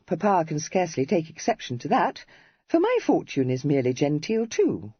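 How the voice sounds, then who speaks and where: A woman's voice: low-pitched, slightly rough, dry recording, dull audio, heavily acted. A narrator voicing Cressy, a witty, playful young woman of the Regency era, read in an audiobook. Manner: playful, teasing, quick-witted. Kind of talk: audiobook character reading.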